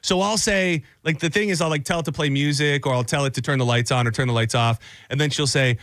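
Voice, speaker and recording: A man's voice: medium pitch, quick pace, hardly any pauses, a bit bright, dry recording, studio quality. A man hosting a radio talk show, telling a story in a casual, rambling way. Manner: rambling storyteller, many fillers and restarts. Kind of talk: casual chat.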